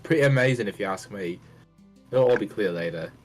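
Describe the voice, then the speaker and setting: A man's voice: lowish voice, expressive, brisk, faint music behind. A man voicing an eager, adventurous young letter writer in a put-on British accent, hammy and breaking into laughs.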